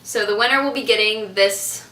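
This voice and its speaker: A woman's voice: mid-range voice, moderate pace, sharp tone, distant mic, slight background noise. A young woman hosting a casual chat with friends, giggly and chatty. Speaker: host. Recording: roomy sound from a camera across the room.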